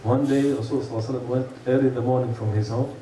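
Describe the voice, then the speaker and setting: A man's voice: mid-range voice, steady tone, racing, warm tone. Man preaching from afar in echoey hall. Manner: earnest, rhetorical questions, tells stories. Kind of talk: sermon. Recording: echoey room, mic far off, faint hum.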